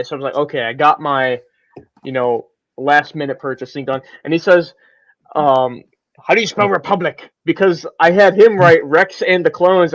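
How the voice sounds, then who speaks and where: A man in a casual chat, retelling convention events in a quick, stumbling way. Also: on the high side, lo-fi sound.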